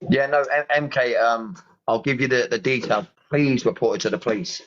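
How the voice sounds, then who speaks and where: A man's voice: medium pitch, moderate pace, muffled recording, slight background noise. A man from the UK with a British accent, chatting casually on a live stream, pleading and exasperated and repeating himself. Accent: British English. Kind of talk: casual livestream chat.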